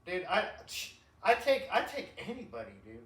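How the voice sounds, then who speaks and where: Emphatic, bright-voiced man in casual chat. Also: sits high, huge pitch swings, moderate pace. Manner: emphatic and slangy, rambling. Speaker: podcast host. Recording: echoey room, distant mic.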